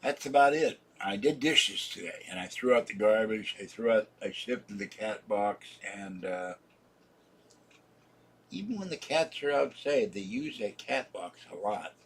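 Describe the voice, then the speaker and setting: A man's voice: lowish voice, animated, a little slow, gravelly, fairly bright tone, slightly rough. A man in his seventies, drowsy and rambling as he chats casually to viewers on his live stream. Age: 70s. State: sleepy. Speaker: channel host.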